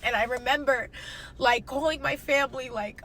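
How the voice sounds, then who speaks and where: A woman's voice: sits high, bright, forceful tone. A young woman telling a personal story in a casual storytime, raw and emotional, swearing heavily and repeating herself. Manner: fast, repeating phrases, slangy.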